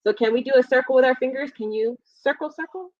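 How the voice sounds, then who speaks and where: A woman librarian leading a live storytime for young children, reading aloud and explaining in a gentle, encouraging way. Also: high-pitched, fairly even intonation, fast, dry recording, dull audio.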